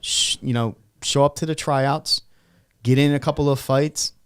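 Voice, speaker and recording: A man's voice: mid-range voice, steady tone, measured pace, clear, resonant tone. A man co-hosting a combat sports podcast in a studio. He talks casually and with passion, and he swears when riled. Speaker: podcast co-host.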